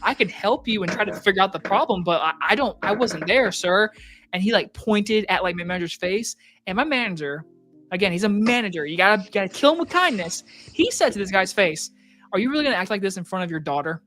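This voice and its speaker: Profane, animated young storyteller. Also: mid-range voice, brisk, soft background music. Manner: profane, animated, acts out quoted customers. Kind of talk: casual chat, storytelling.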